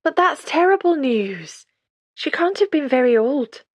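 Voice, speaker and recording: A woman's voice: mid-range voice, animated, moderate pace, dry recording, close to an everyday voice. A woman voicing a sprightly elderly retired midwife with a faint Scottish accent, motherly and gushing, in an audiobook reading. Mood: warm. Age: older.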